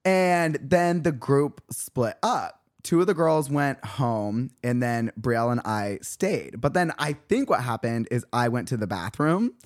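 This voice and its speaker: Young guy podcast host, super lively voice bouncing all over, chatty storytelling, acts out everyone he quotes. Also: measured pace, hardly any pauses. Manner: animated storyteller, acts out quotes with big pitch jumps. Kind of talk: casual chat.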